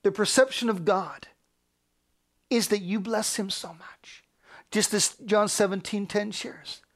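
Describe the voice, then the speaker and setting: A pastor with a high voice, steady tone, and measured pace preaches with a fervent, repetitive cadence. His sermon swings between near-shouted declarations and soft, hushed whispers.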